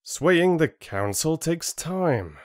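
A man voicing a calm, patient middle-aged father with a measured, gentle way of speaking in an audiobook. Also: a little high, no room sound, studio quality, pitched above the performer's own voice, heavily acted.

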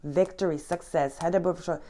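A woman talks her viewers through a tarot spread in a loose, chatty way. Her voice sits a little low for a woman. She gushes with excitement, repeats herself and breaks into sighs and small laughs. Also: brisk, slight background noise. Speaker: tarot reader. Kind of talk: casual tarot reading to camera.

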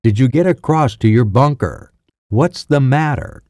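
A man's voice: mid-range voice, measured pace, a little mellow, dry recording, clean studio sound, voice pushed up, natural voice. A man voicing a guarded female survivor in an audiobook, asking terse questions. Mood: demanding.

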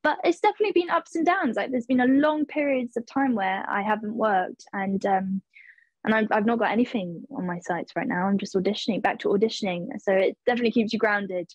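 This is a twenty-something English actress fielding interview questions informally, stumbling with frequent fillers and restarts while she gropes for words. Her medium-pitched voice moves briskly, and the low-quality recording has no room sound.

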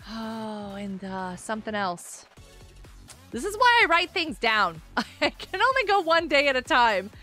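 A woman streaming a game live, chatting casually and reading messages from the chat aloud, with excitable outbursts. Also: fairly high pitch, a little slow, faint music behind.

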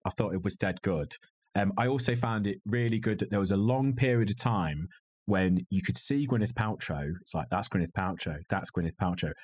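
Over slightly glitchy video call audio, a man with a fairly low, darkish voice co-hosts a podcast at a moderate pace. His casual film review is wry, jokey and rambling.

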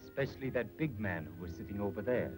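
An actor playing a watchful male agent who speaks stilted, broken English in formal proverbs, calm and sly, in 1930s film acting. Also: lowish voice, fast, over music, natural voice, low-quality recording.

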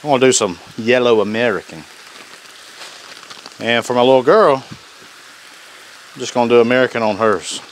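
A man's voice: medium pitch, normal speed, pauses often, slight background noise. A man hosting a casual cooking vlog, folksy and enthusiastic. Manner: folksy and enthusiastic, Southern phrasing. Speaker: cooking channel host. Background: griddle sizzling.

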